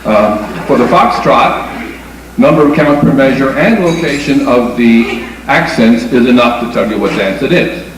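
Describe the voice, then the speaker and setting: A man's voice: mid-range voice, lively intonation, unhurried. A man giving a lecture on dance music, explaining step by step and counting beats aloud. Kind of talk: lecture with demonstration. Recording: echoey room from far off with faint noise.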